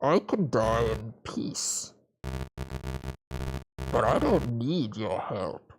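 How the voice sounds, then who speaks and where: A woman's voice: extremely low pitch, very animated, pitched below the performer's own voice, exaggerated voice, rough recording. A woman voicing a fire-obsessed male villain, reading game dialogue aloud in a theatrical, brooding way. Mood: menacing. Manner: theatrical, slow and brooding, breaking into ecstatic shrieks. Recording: music playing behind the voice.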